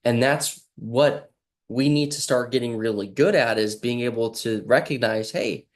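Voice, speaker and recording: A man's voice: medium pitch, moderate pace. Brief: male healer-host, earnest and meandering, talks straight to camera, acts out quoted lines himself. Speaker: healing practitioner and host. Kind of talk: casual motivational monologue.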